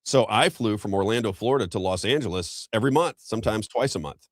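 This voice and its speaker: Fast-talking middle-aged male talk host. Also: on the low side, no room sound. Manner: rambling, animated, frequent restarts. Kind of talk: casual storytelling commentary.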